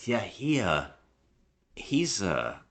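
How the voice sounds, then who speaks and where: A man's voice: lowish voice, huge pitch swings, drawn-out words, creaky, a bit bright. A man co-hosting a casual podcast about bad movies, joking and rambling through his review. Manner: joking, rambling, does mock impressions. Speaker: podcast co-host.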